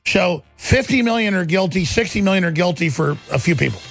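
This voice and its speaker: A male talk show host in heated political talk, with a gravelly, raspy voice and rapid, insistent ranting. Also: high-pitched, lively intonation, music in the background.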